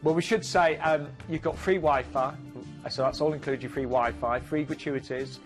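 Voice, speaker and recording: A friendly man with a northern English accent runs through cruise prices and inclusions in a fairly high voice. Faint music plays beneath his shopping channel pitch. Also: steady tone, normal speed. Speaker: cruise sales presenter. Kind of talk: shopping channel sales chat.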